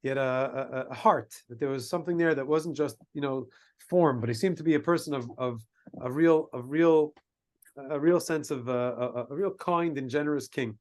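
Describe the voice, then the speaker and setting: A man, a rabbi, telling a story in a sermon, halting with many restarts and using Hebrew and Yiddish terms. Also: medium pitch. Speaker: rabbi giving a talk.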